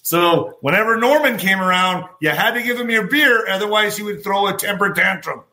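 A man with a forceful, bright voice sitting a little high for a man, telling stories in a loose, rambling way. He drifts between anecdote and news commentary, speaking right to his listeners as folks. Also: normal speed. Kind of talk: casual storytelling and news commentary.

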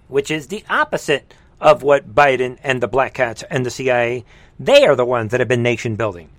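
A man hosting a live political commentary stream, emphatic and sarcastic, jumping between loud exclamations and low muttering. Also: brisk, dry recording.

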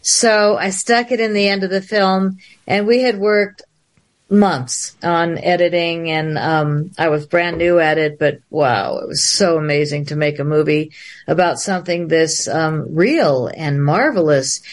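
A female filmmaker with a low-pitched voice tells a long story at a measured pace over a livestream video call. She narrates animatedly, acting out each character's lines in different voices.

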